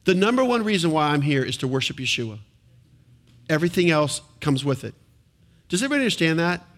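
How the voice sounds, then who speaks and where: A man preaching from the pulpit in a somewhat high voice. He speaks with animation and keeps putting questions to the congregation, with some lines landing farther from the mic. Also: very animated, quick pace, fairly bright tone. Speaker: pastor. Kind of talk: sermon. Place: church before a congregation.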